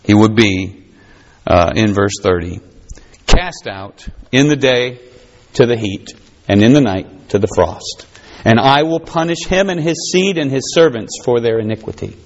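Man preaching with big pitch swings. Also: unhurried, slight background noise. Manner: reads scripture aloud, then comments with folksy asides and chuckles; swings between high excited bursts and low grave stretches. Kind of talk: sermon. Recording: dull lo-fi sound.

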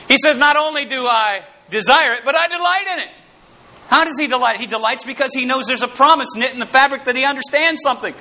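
Fervent male preacher with a very high, piercing voice; calls out to the congregation. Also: fast, bright, forceful tone. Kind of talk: sermon.

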